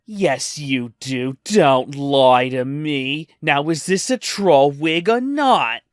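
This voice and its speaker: A man voicing an entitled, furious woman shopper who shouts her demands in slow, drawn-out words. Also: deep voice, lively intonation, dry recording, studio quality. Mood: accusing.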